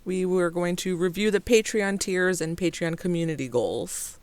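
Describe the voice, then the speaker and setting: Smooth-voiced man joking on a call. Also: sits high, normal speed, dry recording. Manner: joking, reads out the agenda. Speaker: meeting co-organizer. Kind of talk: casual meeting chat. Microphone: computer mic on a voice call.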